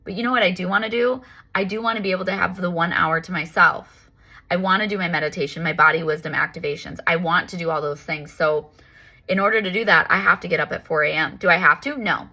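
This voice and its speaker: A woman talks through her spiritual practice in an easy, personal monologue. Her voice sits fairly low yet sounds bright and forceful, and she leans on repetition and emphatic self-talk. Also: fast talker. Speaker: spiritual life coach. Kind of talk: casual reflective self-help monologue.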